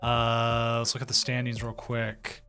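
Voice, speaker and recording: A man's voice: medium pitch, measured pace. A man co-hosting a card tournament stream, chatting casually and repeating words as he goes. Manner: relaxed, hesitant, repeats words. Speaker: stream co-host running the tournament. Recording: faint music behind. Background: faint music.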